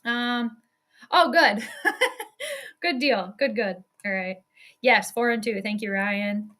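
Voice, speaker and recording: Streaming from home, a woman with a sharp, bright, high-pitched voice gives casual play-by-play of a live football game. She's animated yet speaks slowly, laughs a lot, and reads her chat aloud as the game goes on.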